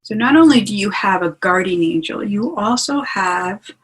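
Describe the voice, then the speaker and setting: A woman's voice: medium pitch, lively intonation, moderate pace, low-quality recording. A woman hosting a webinar as a spiritual teacher, talking in a chatty, enthusiastic way over a video call. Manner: chatty and enthusiastic, asks listeners along. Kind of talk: casual teaching talk.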